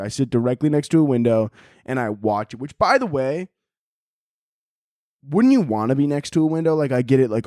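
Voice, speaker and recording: A young man rambling through a casual podcast chat, cracking jokes and swearing freely as he jumps between topics. His voice sits at an average pitch and sounds dry and close to the mic. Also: expressive, brisk, a little mellow, dry recording. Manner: profane, jokey, rambling. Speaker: podcast host.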